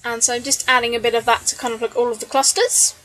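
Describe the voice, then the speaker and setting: A woman with a slightly high voice talks through her crafting in a recorded voice-over. She is chatty and relaxed, scattering ums and small laughs, and sounds a little tired late at night. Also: quick pace. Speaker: scrapbooking vlogger. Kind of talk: voice-over narration of a crafting process video. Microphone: voice-over recorded separately from the video.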